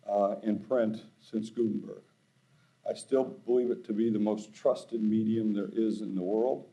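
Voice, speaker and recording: A man's voice: fairly low pitch, poor audio. A middle-aged man giving a conference keynote, telling stories in a folksy, anecdotal way. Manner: folksy, anecdotal, growing animated and loud. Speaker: keynote speaker. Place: conference stage.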